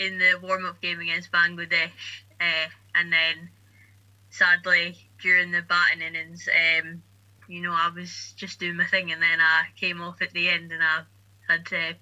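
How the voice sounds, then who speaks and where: A young Scottish woman, a guest cricketer, talking in a relaxed, matter-of-fact way with fillers. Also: lowish voice. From Scotland. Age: young adult. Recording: dull lo-fi sound.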